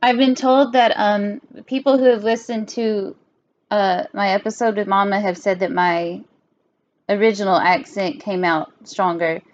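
A woman's voice: medium pitch, steady tone, a little slow, lo-fi sound, slight background noise. A young woman, hosting a casual podcast chat with her father, giggly and full of fillers. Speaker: podcast host.

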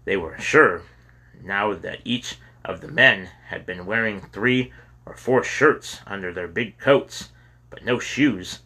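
Husky, bright-toned male storyteller. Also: fairly low pitch, takes it slowly. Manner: steady storytelling with occasional stumbles. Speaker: audiobook narrator. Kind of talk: storybook reading aloud.

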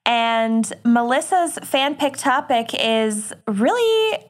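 A woman co-hosting a podcast in casual chat, unhurried and giggly. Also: a little high, lively intonation. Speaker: podcast co-host.

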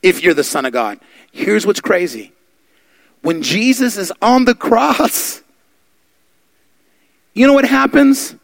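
A man preaching a sermon, fervent and building to loud exhortation. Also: high-pitched, gravelly, no room sound.

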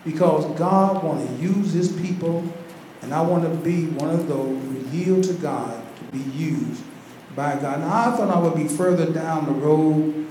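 Male pastor, high voice, fervent sermon delivery, echoey church hall recording. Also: a little slow, mellow. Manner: preaching with rising fervor and repetition. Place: large echoing church hall. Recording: very echoey church hall, faint background noise.

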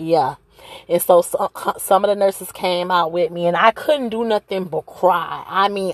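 A woman's voice: mid-range voice, no echo. A woman, a mother who works at a hospital, tells a personal story in a conversational, emotional way with many fillers.

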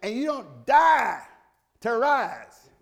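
Man, pastor, sermon in church, high pitched, call-and-response, shouting at times. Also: very animated, very slow, vocal fry. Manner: plain folksy speech, coaxing the congregation. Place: church sanctuary.

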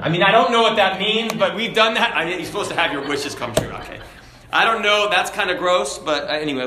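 A man preaching a sermon, slow and deliberate, with a self-deprecating sense of humor. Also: fairly high pitch, bright, forceful tone. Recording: echoey room.

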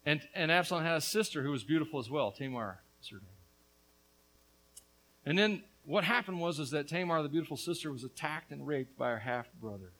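A man preaching a sermon as a pastor, earnest with casual asides, his voice swinging between hushed and loud. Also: on the high side, lively intonation, fairly quick, rough recording.

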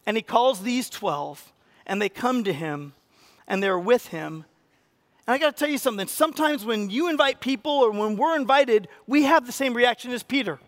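Preaching at an ordinary pace, this male pastor gets animated and performs quoted voices, his pitch and loudness spiking abruptly.

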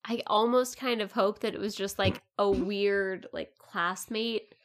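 A woman's voice: medium pitch, steady tone, unhurried. A woman co-hosting a podcast in easygoing casual chat, laughing often. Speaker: podcast co-host.

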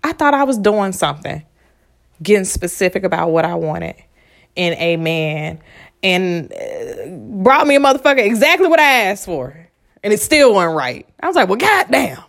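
A woman giving casual motivational talk, frank and animated with lots of profanity, sometimes dropping into a hushed whisper. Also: medium pitch, normal speed. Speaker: vlogger and spiritual speaker.

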